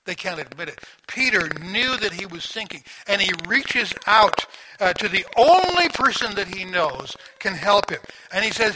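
Man preaching, high voice, lively storytelling, rhetorical questions, noisy background. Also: normal speed. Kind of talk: sermon. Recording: audible background noise.

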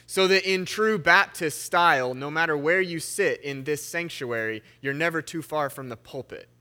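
A man's voice: fairly high pitch, bright, forceful tone. A young man preaching in a church sanctuary, reading scripture with shifting emphasis and then telling a story in a conversational way. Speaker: pastor. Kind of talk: sermon.

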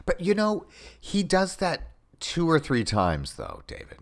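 A man's voice: fairly high pitch, huge pitch swings, unhurried. A man co-hosting a podcast, chatting casually and animatedly about an old TV show. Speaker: podcast co-host. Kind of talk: casual chat.

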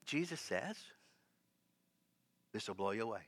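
A man's voice: on the low side, very animated, unhurried, fairly bright tone, breathy edge. A man preaching a sermon, acting out quoted voices and often laughing as he speaks. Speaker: pastor.

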